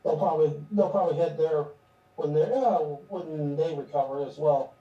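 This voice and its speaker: A man's voice: on the high side, normal speed. A man playing a tabletop game, making laid-back, dry remarks over a dull, echoey recording. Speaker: player. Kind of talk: casual tabletop game chat. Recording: dull, echoey, distant mic.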